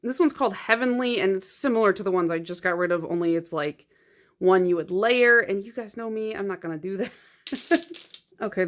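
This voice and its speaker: A woman's voice: medium pitch, a little hiss or hum. A woman in a casual vlog, chatting through her nail polish collection in a rambling, filler-heavy way. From United States.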